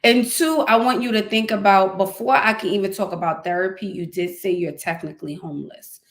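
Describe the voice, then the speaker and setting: A woman's voice: mid-range voice, brisk. Female advice-stream host, direct and encouraging. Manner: direct, encouraging, speaks to chat. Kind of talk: live-stream advice chat.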